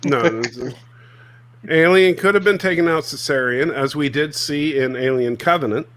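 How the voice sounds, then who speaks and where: A man's voice: on the high side, normal speed, fairly bright tone. A man on a casual chat panel, ribbing the others playfully.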